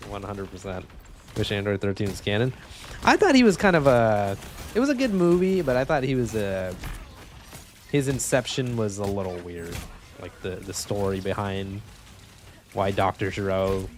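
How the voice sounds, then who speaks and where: A man's voice: on the low side, a little mellow. A young man talking casually while playing a video game, joking, rambling and swearing freely. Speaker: gaming streamer. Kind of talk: casual gameplay commentary.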